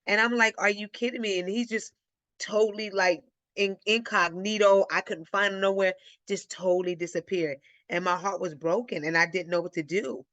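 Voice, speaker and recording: A woman from Illinois hosting a live Q&A, telling a personal story in a casual, animated way and acting out the voices she quotes. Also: medium pitch, normal speed, dry recording. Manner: animated, acts out quoted voices, addresses listeners as y'all. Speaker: host of a live Q&A.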